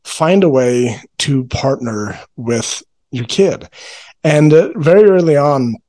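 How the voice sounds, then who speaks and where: A man with a voice of ordinary middle pitch, talking as a parenting coach in a relaxed podcast chat. He explains ideas earnestly and slows down to stress his key points.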